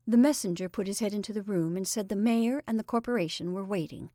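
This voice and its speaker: A woman's voice: mid-range voice, quick pace, mellow, no echo, clean studio sound. Woman narrating a classic short story.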